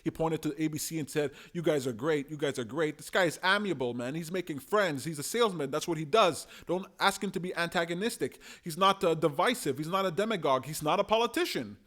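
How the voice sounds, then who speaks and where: A man's voice: on the high side, quick pace, hardly any pauses. A young man giving casual, emphatic political commentary in a solo monologue, now and then acting out the people he talks about. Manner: animated, emphatic, acts out quoted voices.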